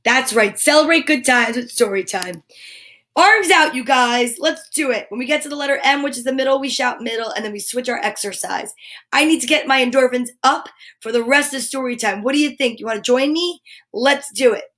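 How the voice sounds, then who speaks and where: A woman hosts a live story time stream from home, her voice sitting a bit high. She chats with her audience in a bubbly, playful way and reads tongue twisters aloud. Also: brisk, fairly bright tone. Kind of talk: casual chatty live stream to viewers.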